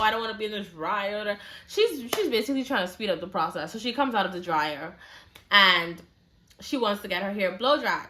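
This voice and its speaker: A woman's voice: medium pitch, sharp tone. A woman telling a story in a casual, chatty way, full of slang and "like" fillers.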